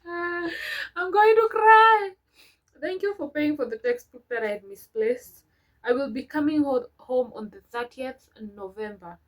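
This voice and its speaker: Her voice has a fairly high pitch but a darkish tone, captured in a rough recording. The speaker is a young woman vlogger who reads old letters aloud and stops between lines to chat about them sentimentally.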